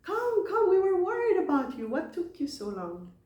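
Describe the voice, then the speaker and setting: A woman's voice: very high voice, wildly swooping pitch, moderate pace, a little mellow, roomy sound, highs cut off, voice pushed up, exaggerated voice. A woman acting out an elderly blind parent who fusses eagerly over a returning child. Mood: relieved.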